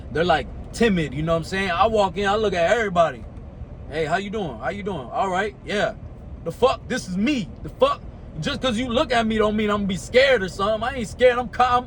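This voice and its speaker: Young american guy, high voice, swears a lot, hypes you up, faint hum behind. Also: fairly bright tone. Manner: profane, streetwise, repeats "you know what I'm saying". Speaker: motivational speaker. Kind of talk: casual motivational talk.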